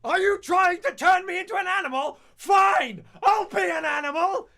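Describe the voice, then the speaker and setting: A man voicing a male maths teacher who snaps and shouts in outrage. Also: very high voice, normal speed, creaky, pitched above the performer's own voice, exaggerated voice. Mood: furious. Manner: bellowing in outrage. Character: furious male maths teacher losing his temper.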